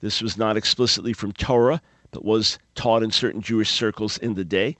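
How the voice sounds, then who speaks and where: A man's voice: lowish voice, fairly even intonation, fairly quick, a bit bright, no room sound. A man hosting a radio talk show, teaching from the Bible in an emphatic, preacherly way and repeating key words.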